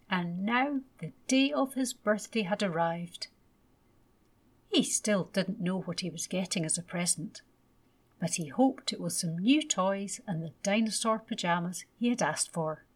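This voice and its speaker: A woman reading a children's bedtime story in an unhurried, gentle and expressive way. Her voice is soft and breathy, taking each line slowly. Her pitch sits in a middle range.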